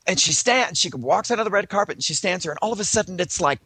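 Man storyteller, bright husky voice, lively and theatrical, mimics voices, dry close mic. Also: high-pitched, fast, no room sound. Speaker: podcast co-host. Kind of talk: casual storytelling chat.

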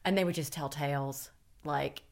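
A woman's voice: sits low, moderate pace, gravelly. A woman hosting a podcast, chatting casually and candidly, rambling with lots of fillers. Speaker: podcast host. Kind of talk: casual chat.

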